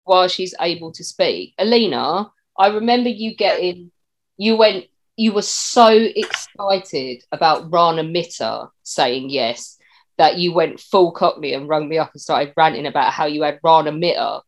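Low-voiced teasing woman host. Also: lively intonation, a little slow. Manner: teasing, storytelling. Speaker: podcast host. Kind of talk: casual chat.

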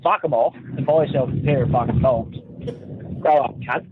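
A man's voice: medium pitch, moderate pace, phone-quality sound, background noise. A man from New South Wales with an Australian accent leaving a crude, mocking rant as a caller. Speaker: voicemail caller. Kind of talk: ranting voice message.

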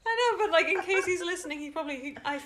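A woman's voice: very high voice, animated, very fast, a bit bright. A woman co-hosting a podcast, talking in a casual, rambling way and laughing often. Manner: chatty, rambling, giggly. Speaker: podcast co-host. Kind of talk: casual chat.

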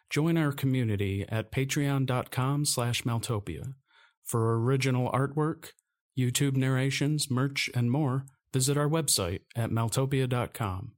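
A man hosting a podcast, reading a plain, friendly outro. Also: mid-range voice. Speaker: podcast host. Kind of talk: scripted outro.

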